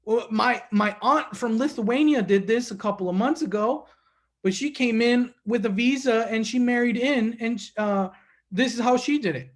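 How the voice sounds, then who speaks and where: An earnest young country guy from the Virginia backwoods , as a man puts him on. He talks in a high, excited and folksy way. He is quick to get fired up. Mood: frustrated.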